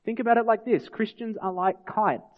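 A man's voice: high-pitched, steady tone, normal speed. A man preaches in a slightly raised voice, earnest and questioning his listeners. His words ring out with a long reverb in a church hall. The recording sounds a little dull and lo-fi. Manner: earnest, asks the congregation rhetorical questions. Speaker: pastor. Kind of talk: sermon.

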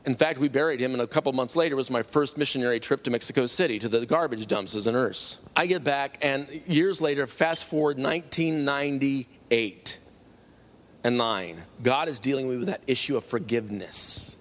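A middle-aged man telling a personal faith testimony, animated and acting out the people he quotes. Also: medium pitch, normal speed. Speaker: testimony speaker.

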